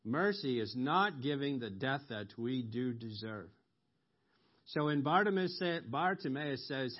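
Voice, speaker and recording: Man, preacher, sermon, unhurried, lo-fi sound. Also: mid-range voice, animated. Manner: slow, explanatory, with ums and emphatic rises on quoted cries. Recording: dull lo-fi recording.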